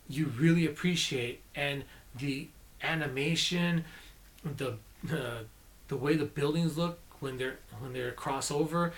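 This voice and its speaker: A man giving a casual, rambling movie review, enthusiastic and often correcting himself mid-sentence. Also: fairly high pitch.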